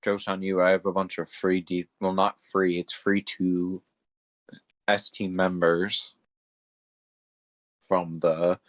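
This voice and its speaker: A young man co-hosting a podcast in relaxed, joking casual chat, often trailing off mid-sentence. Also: sits low, slow, pauses often, no echo. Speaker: podcast co-host.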